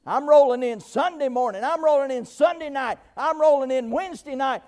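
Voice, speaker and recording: A middle-aged pastor with a very high voice delivers a sermon, erupting into bursts of shouting and many amens. He stumbles through restarts and pauses often, short of breath.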